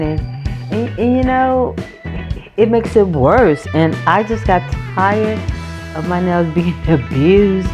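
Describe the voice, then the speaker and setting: A woman chatting casually in a nail vlog, rambling through a story with restarts and self-corrections. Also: lowish voice. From North Carolina, USA. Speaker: nail vlogger. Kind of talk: casual chat. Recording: background guitar music.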